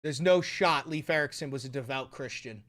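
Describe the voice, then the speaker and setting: A young man hosting a comedy commentary vlog, swinging from mumbled asides to shouted rants. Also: mid-range voice, moderate pace.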